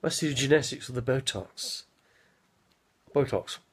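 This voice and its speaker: On a live stream, a gravelly, husky man in his fifties rambles through casual stories in a mid-range voice. Since a head injury he has a mild stutter, and his slow, halting delivery keeps losing its thread.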